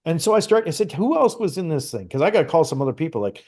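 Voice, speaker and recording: A man's voice: on the high side, fast talker. Chatty middle-aged man telling a story. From Canada. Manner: animated, lively retelling with frequent restarts. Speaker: guest psychic medium. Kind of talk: casual conversational storytelling.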